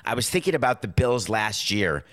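Animated low-voiced man hosting a sports talk show. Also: moderate pace, dry recording. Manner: animated, rhetorical, self-correcting. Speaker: podcast host. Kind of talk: casual sports commentary monologue.

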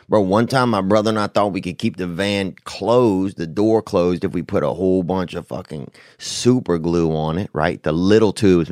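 A man hosting a podcast, telling rambling, profane, slangy stories with sudden loud bursts. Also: sits low, dry recording, clean studio sound. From United States. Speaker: podcast host. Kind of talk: casual podcast storytelling.

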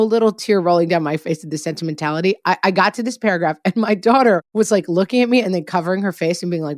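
Woman, middle-aged, podcast co-host, casual chat, self-mocking, low-pitched, dry sound. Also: a little fast, no room sound. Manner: self-mocking, animated storytelling.

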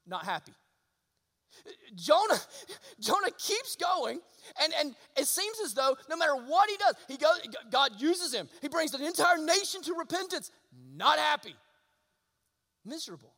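A man preaching a sermon, emphatic and full of rhetorical questions, swinging from loud to hushed. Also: very high voice, very animated, moderate pace. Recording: long reverb of a large hall.

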